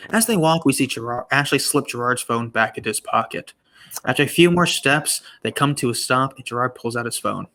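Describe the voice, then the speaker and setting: A man's voice: medium pitch, lively intonation, pushed and bright. A man co-hosting a comedy podcast, reading his own script aloud with playful stumbles. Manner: playful, stumbling, quick to laugh.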